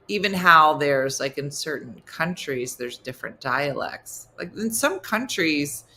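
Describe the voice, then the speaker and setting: A woman from New Jersey hosting a live morning show, chatting and reading viewer comments aloud with quick asides. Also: low-pitched, pushed and bright, a little hiss or hum.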